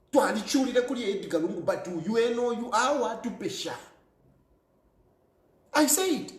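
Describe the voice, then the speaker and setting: A man's voice: sits high, big pitch swings, moderate pace, reverberant. A man with a Zambian accent giving emphatic political commentary, repeating his points and laughing often. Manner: emphatic, repetitive, mixes English and Bemba, laughs often.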